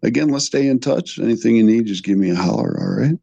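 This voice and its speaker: A man hosting a podcast, upbeat and quick to agree and praise his guest. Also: lowish voice, gravelly, dark tone, breathy edge, no room sound, dull audio. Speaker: podcast host. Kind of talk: casual podcast chat.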